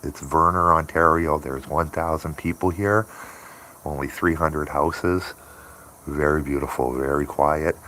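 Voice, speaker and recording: A man's voice: extremely low pitch, fairly even intonation, unhurried, sharp tone, slight background noise. A man chatting casually on a morning live stream, rambling and laughing often. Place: home by a window.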